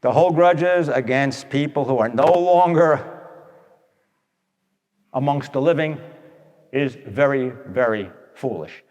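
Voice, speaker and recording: A man's voice: mid-range voice, animated, slow, long pauses, a little mellow, long reverb tail, muffled recording. A man telling stories in a folksy, conversational talk, speaking straight to his listeners and acting out what people said. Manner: conversational, addresses listeners directly, acts out quotes. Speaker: radio speaker giving advice talks.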